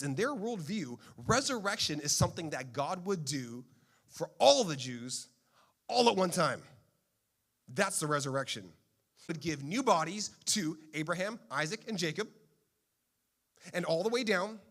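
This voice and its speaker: A male pastor preaching a sermon in a playful, animated storytelling manner. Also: sits high, a little slow.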